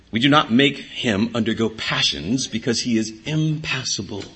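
A man's voice: fairly high pitch, sharp tone, husky. A middle-aged man preaching a sermon, teaching earnestly and repeating key words for emphasis. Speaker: pastor.

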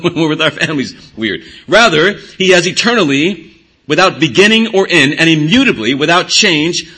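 A man's voice: on the high side, bright, forceful tone, breathy edge. A middle-aged man preaching a sermon, teaching earnestly and repeating key words for emphasis. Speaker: pastor.

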